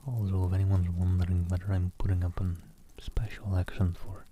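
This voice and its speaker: A man reading a novel aloud as an ASMR streamer, in soft whispered narration close to the mic. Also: low voice, flat delivery, normal speed, slight background noise.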